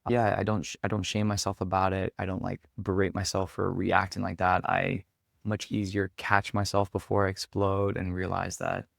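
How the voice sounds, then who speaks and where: A man's voice: sits low, monotone, normal speed, vocal fry, dry recording, studio quality. A man, a podcast guest, telling a personal story candidly and reflectively, with many filler words. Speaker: podcast guest, performance coach.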